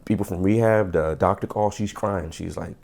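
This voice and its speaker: A middle-aged man with a gravelly, fry-laden voice sitting low in his range. He tells his story as a podcast guest, animated and acting out what others said, often stammering and restarting his sentences. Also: normal speed. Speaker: podcast guest, former police officer. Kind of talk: casual storytelling interview.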